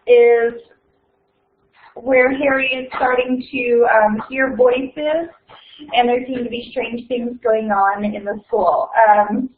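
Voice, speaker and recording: A young adult woman hosts an online reading event from home over a video call, reading a story aloud in a chatty, unhurried way with plenty of fillers. Her voice is a little high, and the call audio is echoey and tinny.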